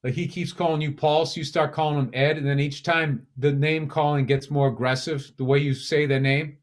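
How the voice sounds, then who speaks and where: A man's voice: on the high side, steady tone, a little fast. A middle-aged man with a Boston accent co-hosting a podcast, telling stories in a heated, profane, casual way. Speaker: podcast co-host. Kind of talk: casual chat.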